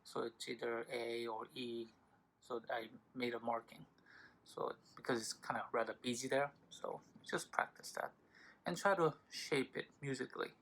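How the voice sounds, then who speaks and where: A man's voice: medium pitch, fairly even intonation, normal speed, a bit bright. A man teaching a violin lesson in a patient, informal way, with frequent fillers and self-corrections. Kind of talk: instructional tutorial. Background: violin playing between phrases.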